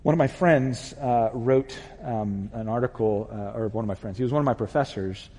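A man preaching a sermon as pastor, telling a personal story in an animated way and acting out the voices in it. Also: mid-range voice, moderate pace, in a large hall.

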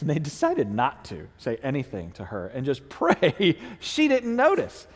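A pastor with a highish voice preaches at a moderate pace with few pauses, animatedly telling a family story and acting out the voices of its people before turning to scripture. A long reverb tail follows his words.

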